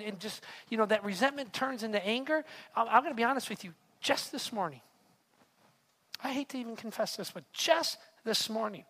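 A man's voice: high voice, a bit bright. A man preaching a sermon in an earnest, confessional way, often repeating words as he speaks to the room. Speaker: pastor. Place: church hall. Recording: long hall reverb.

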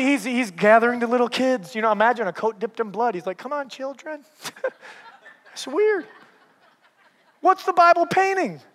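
Middle-aged man, pastor; sermon with storytelling, animated and laughing, high voice, reverberant hall.

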